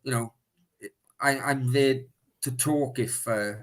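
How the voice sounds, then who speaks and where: A man's voice: mid-range voice, steady tone, slow, rough recording. A man hosting a live stream, answering viewer questions in blunt, casual chat and swearing freely.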